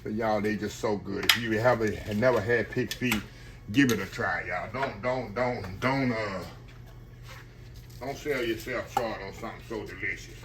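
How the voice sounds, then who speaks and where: A man's voice: fairly low pitch, moderate pace. Folksy man cooking in a noisy kitchen. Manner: folksy, chatty, keeps addressing viewers as y'all. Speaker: cooking channel host. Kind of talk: casual cooking demonstration. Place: home kitchen.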